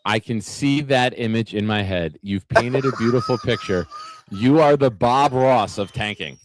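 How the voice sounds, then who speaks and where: A man's voice: mid-range voice, wildly swooping pitch, a little slow, dry recording. A man hosts a loose sports talk show, trading brash jokes and stories with his guests. His voice sits in a middle register, recorded close and dry with no room sound. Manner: brash, joking storyteller. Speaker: podcast host.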